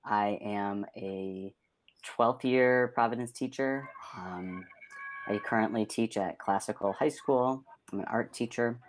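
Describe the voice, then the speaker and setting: Deep-voiced chatty man, art teacher. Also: slow pace, slight background noise. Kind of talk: casual podcast conversation. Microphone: video call.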